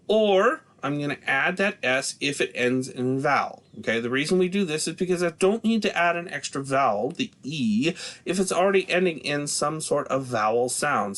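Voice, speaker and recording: A man's voice: on the high side, a bit bright. Man teaching a German grammar lesson. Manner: explains patiently, checks in with frequent "okay?"; says German example words slowly and carefully.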